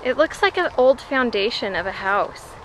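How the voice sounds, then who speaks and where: A high-voiced woman talks excitedly while exploring outside, slipping into whispers. The handheld outdoor recording carries clear background noise. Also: normal speed. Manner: chatty, excitable, drops to whispers. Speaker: mother and vlogger. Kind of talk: casual family vlog chat. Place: outdoors near a freeway.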